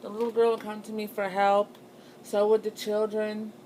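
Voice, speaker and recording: A woman's voice: mid-range voice, monotone, moderate pace, warm tone, a little hiss or hum, rough recording. A young woman telling a personal ghost story in a casual, rambling way, full of fillers and restarts. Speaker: channel host.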